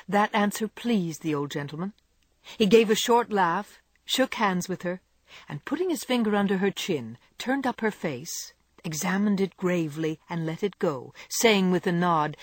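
Husky, expressive audiobook narrator. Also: medium pitch, moderate pace, dry recording. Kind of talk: scripted narration.

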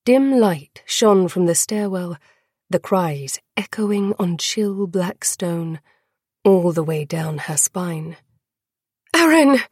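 Woman narrator, audiobook: slow, hushed, dramatic, husky and lowish. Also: dry recording, studio quality.

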